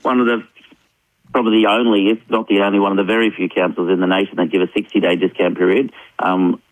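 A man with an Australian accent, a mayor talking on a radio interview in a brisk, upbeat and persuasive way. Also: low-pitched, little pitch movement, no echo, narrow, tinny audio.

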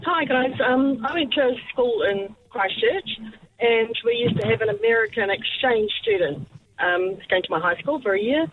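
Female New caller, eager, slightly high, phone line. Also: sing-song, moderate pace. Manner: enthusiastic storyteller.

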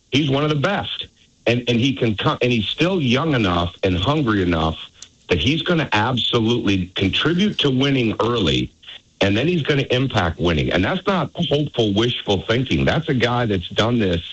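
A man's voice: lowish voice, a bit bright, slightly rough, highs cut off. A male basketball coach joining a sports radio show as a guest, speaking emphatically and urgently. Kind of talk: phone-in radio interview.

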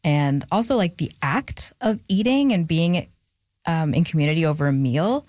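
A woman's voice: deep voice, animated, moderate pace, darkish tone, dry recording, studio quality. A young adult woman speaking as an interview guest, reflective and thoughtful, with many fillers and moments of emotion. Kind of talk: casual interview conversation.

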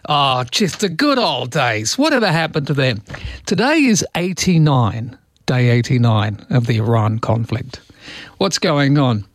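A man's voice: mid-range voice, dry recording, clean studio sound. A man hosting a morning radio show, chatting in a wry, rambling way with asides. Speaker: radio host. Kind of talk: casual morning radio chat.

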